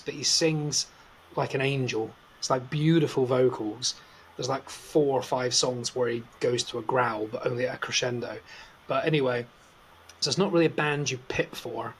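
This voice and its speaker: A man's voice: medium pitch, slight background noise. A man, telling a story on a podcast in a casual, swearing way and acting out the other people's lines. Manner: swears freely, acts out quotes, laughs often. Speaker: podcast co-host.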